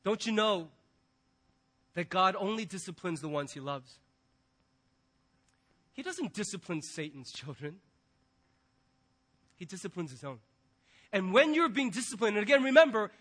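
Bright, high-voiced male pastor preaching. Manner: animated storytelling, acting out quoted voices. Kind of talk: sermon.

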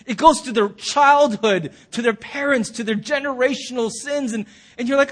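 A male pastor preaching a sermon in his church. He tells the story in an animated way and acts out the people he quotes. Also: very high-pitched, moderate pace. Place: church sanctuary.

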